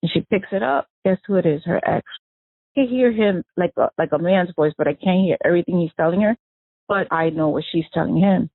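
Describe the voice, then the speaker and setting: A woman's voice: lowish voice, fairly quick, no echo. Woman recalling her sister over a tinny phone line. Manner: animated storyteller who acts out quoted dialogue. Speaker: victim's sister, interviewee. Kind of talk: emotional first-person recollection.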